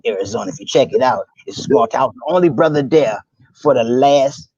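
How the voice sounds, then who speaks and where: Man doing a swaggering hip hop artist, boastful, husky, dull call sound. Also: mid-range voice, a little fast, darkish tone, no echo, close to an everyday voice. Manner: brash self-promoting swagger.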